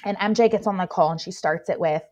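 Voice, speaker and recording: A woman's voice: lowish voice, quick pace. A young woman, a plus-size model, telling her story in a casual interview, gushing and full of filler words. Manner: gushing, filler-heavy, excitable.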